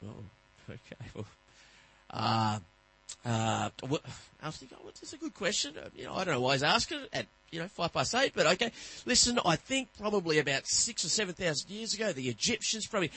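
A middle-aged man preaching a sermon, telling stories and acting out voices with lively energy. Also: on the high side, fairly quick, breathy edge, no echo, low-quality recording. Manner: animated, acts out voices in anecdotes. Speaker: pastor. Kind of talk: sermon with storytelling.

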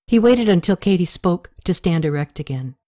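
A woman narrating an audiobook in a steady, even storytelling manner. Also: lowish voice, moderate pace.

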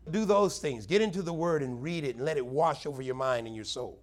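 A man's voice: a little high, fairly quick. Earnest male pastor teaching scripture. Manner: earnest, conversational preaching, rising to emphatic stresses. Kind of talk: plain-spoken Bible teaching sermon.

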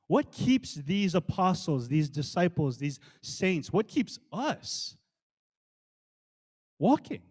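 A man delivers a sermon with a voice pitched a little on the high side. He preaches with passion, stacking rhetorical questions. He speeds through some passages and slows down to stress others. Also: expressive, a little mellow. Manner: impassioned, rhetorical questions, swings between quick and slow emphatic delivery. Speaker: pastor.

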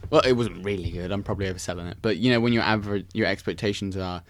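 A young man hosting a casual podcast speaks very fast in a fairly low voice. He rambles enthusiastically about films, frequently correcting himself.

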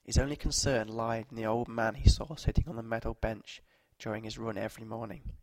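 A man narrating short stories aloud at a measured, steady pace. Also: fairly low pitch, no echo.

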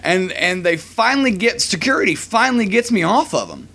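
Animated, laughing male storyteller. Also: high voice, a little fast, gravelly, husky. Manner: animated storyteller, laughs often, acts out quoted voices. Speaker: podcast co-host. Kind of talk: casual storytelling chat.

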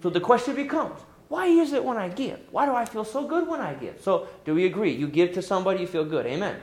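A middle-aged man preaching a sermon as pastor, lively and emphatic, pushing up into high exclamations. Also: fast talker. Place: church sanctuary. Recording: echoey church room.

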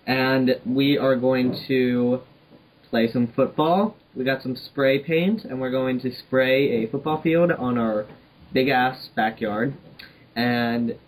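A man's voice: medium pitch, slow, slight background noise, poor audio. A young man co-hosting a casual podcast, joking and laughing often, with many fillers. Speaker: podcast co-host. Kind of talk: casual chat.

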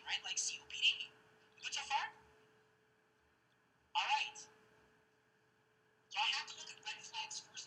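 A woman teaching medical exam prep, talking fast and constantly checking in with her students through quick rhetorical questions. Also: a little high, pushed and bright, a little hiss or hum, rough recording. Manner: acts out patient voices in passing. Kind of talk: lecture to students.

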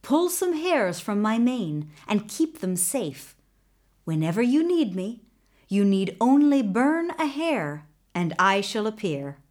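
A wise magical colt who can fly speaks in calm, commanding sentences, unhurried and steady, as a woman storyteller puts him on. The delivery is slow and lively in pitch, like a told folktale. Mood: calm instruction.

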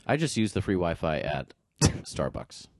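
A man's voice: low voice, sing-song, measured pace, darkish tone, no echo, clean studio sound. Laid-back playful man chatting. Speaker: podcast co-host. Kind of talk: casual chat.

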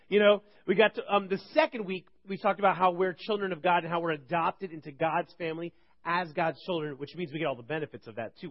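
A man in his thirties preaching to a church group, telling funny stories in an animated, rambling way. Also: a little high. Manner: animated, joking, rambling with restarts. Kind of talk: humorous sermon storytelling. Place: church service. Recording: dull lo-fi recording.

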